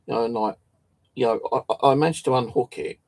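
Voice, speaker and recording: Gravelly man rambling casually. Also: mid-range voice, fast, darkish tone, no echo. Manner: swears a lot, restarts and stumbles. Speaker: channel host.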